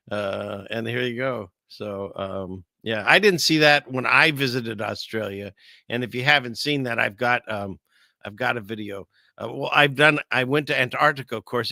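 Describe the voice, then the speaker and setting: A man's voice: mid-range voice, vocal fry, sharp tone, dry recording, clean studio sound. A man hosting a casual livestream, rambling through news stories with jokes and chatting with viewers. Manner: rambling, jokey, reads chat aloud. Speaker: online show host.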